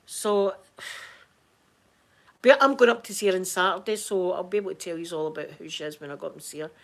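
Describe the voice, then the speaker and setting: A middle-aged Scottish woman, hoarse from crying, chatting casually to her viewers in a halting way, repeating words and restarting sentences. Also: fairly low pitch. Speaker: vlogger talking to viewers. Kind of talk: casual chat.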